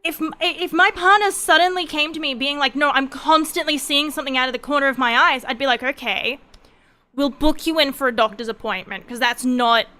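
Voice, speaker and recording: Bright, high-voiced tired young woman streamer. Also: brisk. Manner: rambling, animated storytelling with many fillers. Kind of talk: casual late-night stream chat.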